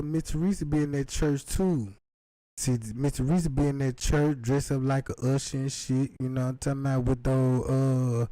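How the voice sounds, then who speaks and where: A man's voice: on the high side, dark tone, no echo, rough recording. A man rambling through a profane comic monologue, slipping in and out of put-on voices. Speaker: comedian.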